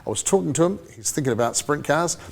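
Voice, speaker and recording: A man's voice: on the high side, lively intonation, fast talker, creaky. A man from New Zealand co-hosting a motorsport podcast, rambling and chatty, often laughing. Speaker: podcast co-host. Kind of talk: casual chat.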